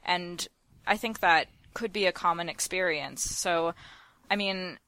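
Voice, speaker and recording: Low, bright-toned woman co-host. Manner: thoughtful, measured, with frequent fillers. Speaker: podcast co-host. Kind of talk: casual podcast chat.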